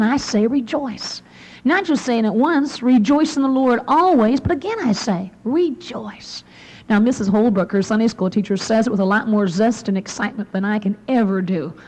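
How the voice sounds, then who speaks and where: A young adult woman giving an earnest devotional talk to women, often dropping to a soft near-whisper for emphasis. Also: mid-range voice, low-quality recording. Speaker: women's conference speaker.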